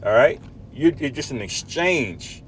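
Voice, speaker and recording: A man's voice: medium pitch, animated, a little slow, a little hiss or hum. A man preaching from scripture, emphatic, often tagging lines with "man" and "all right?". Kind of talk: scripture teaching.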